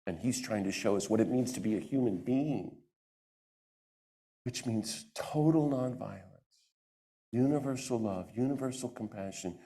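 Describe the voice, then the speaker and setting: Animated man speaking in a church. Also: on the low side, moderate pace. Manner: animated, acts out quoted voices. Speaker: guest speaker. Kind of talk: lively talk to a church audience. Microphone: microphone.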